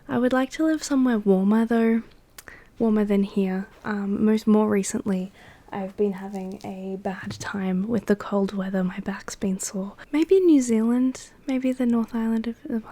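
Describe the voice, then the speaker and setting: A soft-spoken woman answers viewer questions in a hushed ASMR delivery, often slipping into unvoiced whispers. Her tone is mellow and dark, and her pitch sits in a middle range. She talks unhurriedly, with small laughs and relaxed fillers. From Australia. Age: adult.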